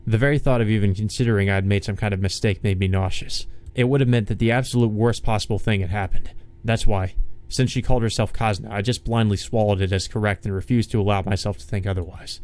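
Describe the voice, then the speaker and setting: Low-voiced man reading a visual novel. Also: fairly even intonation, fast, a little mellow. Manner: wry, joking asides. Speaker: let's play host. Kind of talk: reading a visual novel aloud with casual commentary.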